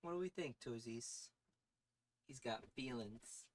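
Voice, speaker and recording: A man's voice: medium pitch, lively intonation, slow pace. A young man with a Long Island accent, hosting a casual livestream, laughing often while trying out accents. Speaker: podcast host.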